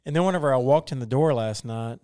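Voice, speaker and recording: Middle-aged man, mid-pitched, rambling podcast co-host with lots of fillers. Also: fast talker, dark tone, dry recording, studio quality. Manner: rambling, many fillers and restarts. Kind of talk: casual conversational storytelling.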